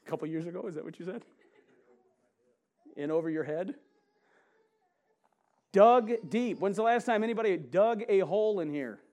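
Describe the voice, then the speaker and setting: High-voiced man preaching to a congregation. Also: mellow. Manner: conversational, asks the congregation questions, laughs often; reads scripture slowly with emphasis. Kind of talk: sermon with audience interaction. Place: church sanctuary with a congregation.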